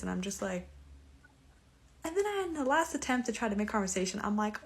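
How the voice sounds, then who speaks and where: A woman's voice: mid-range voice, sing-song, brisk, creaky, long pauses. Exasperated young woman telling a date story. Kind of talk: storytime clip.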